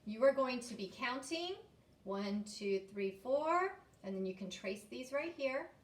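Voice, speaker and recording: A woman teacher speaks to young children, reading aloud and explaining new words patiently. Her voice is slightly high and very animated. The recording has noticeable room echo. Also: a little slow, distant mic.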